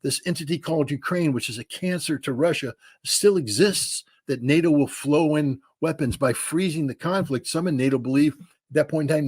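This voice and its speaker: A man speaking in a husky, slightly rough voice, recorded dry and close. He gives blunt, emphatic commentary as an interview guest. He often restarts phrases and drops casual slang. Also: mid-range voice, a little mellow, dry recording. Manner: blunt, emphatic, repeats words, says dude.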